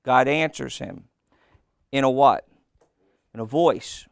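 Slow gravelly preacher man. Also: mid-range voice, lively intonation, no echo, clean studio sound. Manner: slow, call-and-response questions to the congregation. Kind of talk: sermon.

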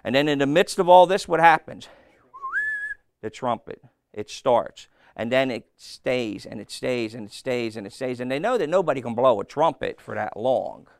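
A man preaching a sermon, telling a story with lively, playful asides and asking his listeners questions. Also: medium pitch, moderate pace, gravelly. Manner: animated storytelling, acting out voices, asks the crowd questions.

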